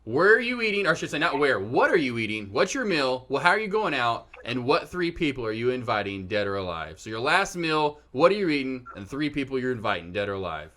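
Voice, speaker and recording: A man's voice: mid-range voice, very animated, quick pace, hardly any pauses, sharp tone. A man hosting a podcast interview, upbeat and repeating his questions. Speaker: podcast host.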